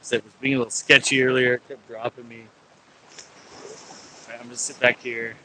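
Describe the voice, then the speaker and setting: A man's voice: medium pitch, level tone, normal speed, noisy background. A man chatting casually to viewers of his live stream while fishing outdoors on a pier, laughing and talking back at sea lions. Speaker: angler livestreaming from a pier.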